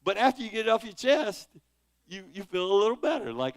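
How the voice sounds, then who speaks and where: Animated high-voiced man teaching Bible study. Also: brisk. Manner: dramatic, conversational, rises sharply on quoted laments. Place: church.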